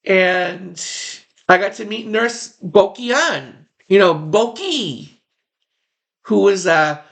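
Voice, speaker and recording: A man's voice: high voice, expressive, extremely slow, creaky, fairly bright tone. A man who once worked as a background extra, casually recalling it in a rambling way and repeating phrases for emphasis. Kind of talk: casual personal reminiscence.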